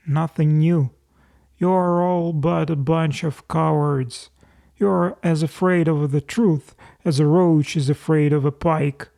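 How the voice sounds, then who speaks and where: A man's voice: a little high, fairly even intonation, measured pace, vocal fry, warm tone. A man doing a sneering brawny sailor. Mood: scornful. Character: scornful, brawny sailor mocking his crewmates.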